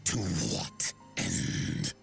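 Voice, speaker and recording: An actor playing a hostile male warrior bent on conquest in a video game, with a deep gravelly voice and slow, menacing delivery. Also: soft background music.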